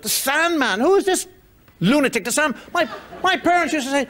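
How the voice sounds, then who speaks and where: A man's voice: extremely high pitch, animated, a little fast, fairly bright tone. A man doing a stand-up routine on stage, ranting through incredulous rhetorical questions. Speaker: stand-up comedian. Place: comedy stage before a live audience. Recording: live audience laughter, noisy room.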